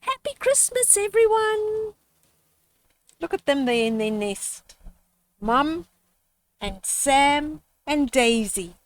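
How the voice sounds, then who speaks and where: An older woman reading a children's story aloud outdoors, slow, gentle and expressive. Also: a little high, no echo.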